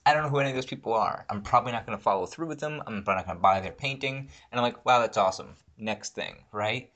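A married man talking casually and profanely, rambling through his points with animated asides. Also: mid-range voice, racing. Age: adult, married. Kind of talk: casual conversation.

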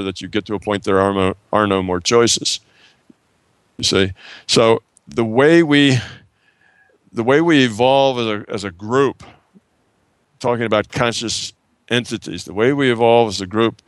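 A man's voice: mid-range voice, no room sound. A man explaining ideas in an unscripted talk, thinking aloud, restarting phrases and asking the listener rhetorical questions.

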